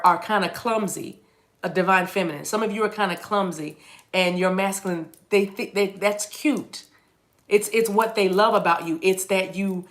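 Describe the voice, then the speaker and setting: A woman's voice: medium pitch, fairly bright tone. Chatty woman tarot reader. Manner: chatty and playful, jumps into silly voices and laughs; rambling with many restarts. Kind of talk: casual tarot reading to camera.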